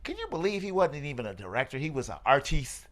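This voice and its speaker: A man's voice: fairly high pitch, fast talker. A man hosting a casual podcast, swearing freely and laughing as he reviews a film. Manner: animated, profane, laughing storyteller. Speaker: podcast host. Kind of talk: casual movie review chat.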